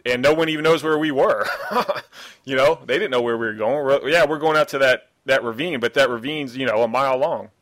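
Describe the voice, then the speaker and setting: A man in casual chat, relaxed, chiming in and asking questions. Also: medium pitch, fairly quick.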